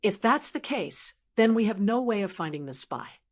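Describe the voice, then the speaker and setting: A woman's voice: medium pitch, sing-song, moderate pace, slightly rough. Earnest young man, alert hero, read by a woman narrator, audiobook. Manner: earnest, questioning.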